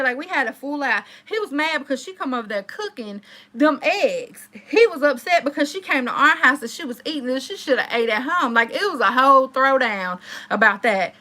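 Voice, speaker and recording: Woman in her thirties, live-stream host, bright and somewhat high voice, chatty storyteller talking straight to her viewers. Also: moderate pace. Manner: animated, chatty, addresses viewers directly.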